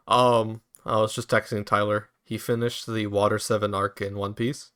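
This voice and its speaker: A man's voice: on the low side, level tone, measured pace, fairly bright tone, clear, resonant tone, no echo, studio quality. A young man streaming a game, chatting casually with a friend, swearing and laughing easily. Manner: laid-back, swears casually, laughs often. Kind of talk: casual chat while gaming.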